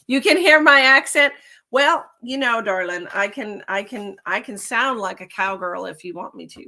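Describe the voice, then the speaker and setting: A woman's voice: medium pitch, animated, moderate pace, pushed and bright. A woman giving live-stream tarot readings, chatting with viewers and calling them honey and darling. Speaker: tarot reader.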